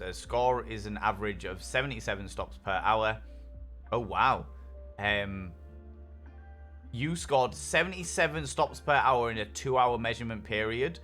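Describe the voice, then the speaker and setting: A man's voice: lowish voice, bright, forceful tone. A man streaming a game, chatting casually with viewers, upbeat and swearing freely. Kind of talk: casual chat while reading viewer messages. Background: faint lo-fi music.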